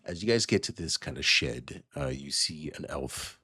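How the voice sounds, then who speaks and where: A man's voice: very deep voice, animated, normal speed, sharp tone, breathy edge, no room sound, studio quality. A man narrating as game master in a loose, rambling way. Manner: loose, rambling, many fillers.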